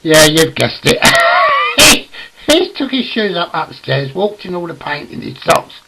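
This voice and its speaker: A man's voice: high-pitched, huge pitch swings, unhurried, gravelly, shouting, background noise. An older man telling a rambling anecdote to camera, chuckling through his words and swearing freely. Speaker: storyteller.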